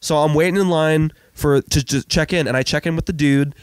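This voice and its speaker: A man co-hosting a crude comedy podcast, complaining in an exasperated, deadpan way with stammered restarts. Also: fairly high pitch, brisk, clear, resonant tone, no room sound, studio quality. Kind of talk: crude casual comedy banter.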